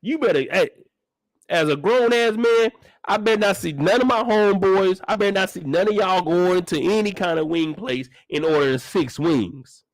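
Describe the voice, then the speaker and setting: A young man hosting a reaction video, loud and joking with plenty of swearing. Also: sits high, normal speed, no room sound, studio quality. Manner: loud, animated, joking, profane, breaks into laughter. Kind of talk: reaction commentary.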